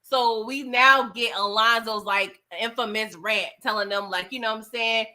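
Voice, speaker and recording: A woman's voice: on the high side, fairly even intonation, normal speed, sharp tone. A woman recapping a film in a casual, slangy way, often tagging lines with "okay?" and "right?". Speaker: movie reviewer.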